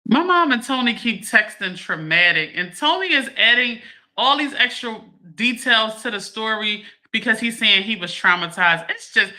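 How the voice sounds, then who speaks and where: A woman, hosting a livestream and chatting to her viewers in a lively way, laughing often. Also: a little high, normal speed. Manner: animated, laughing, addresses viewers as y'all. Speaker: livestream host. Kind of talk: casual chat to a live audience.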